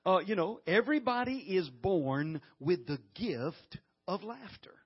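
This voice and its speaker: A middle-aged man preaching a sermon as a guest preacher, folksy and animated, breaking into loud laughter. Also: high-pitched, measured pace, slightly rough, muffled recording.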